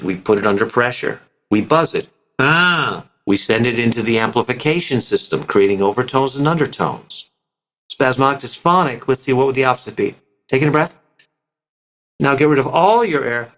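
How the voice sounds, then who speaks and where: A man speaking as a voice coach guest on a podcast interview, explaining expressively with frequent pitch shifts and breaking into quick demonstration voices. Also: fairly bright tone.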